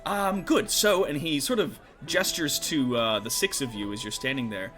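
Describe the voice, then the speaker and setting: A man's voice: medium pitch, animated, moderate pace, bright, forceful tone. A man runs a tabletop game in a casual, meandering way, stopping often on fillers. His voice swings up and down with animation. Faint music plays behind him. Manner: casual and rambling, full of fillers. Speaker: game master.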